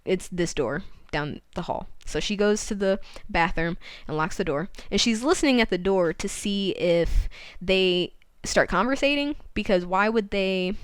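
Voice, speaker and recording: A woman podcast host casually retelling a novel's plot, jumping into quick voiced quotes of the characters. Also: mid-range voice, lively intonation, clear, resonant tone, no echo. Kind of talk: casual book recap.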